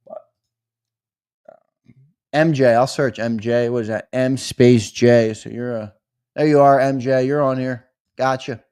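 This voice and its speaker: A young man runs a casual live stream, joking with viewers and ribbing them by name. His voice sits at an ordinary middle pitch, and the sound is dry and close to the mic. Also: smooth, dry recording. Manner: lively, teasing, talks straight to chat with "brother". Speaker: host of a sports live stream.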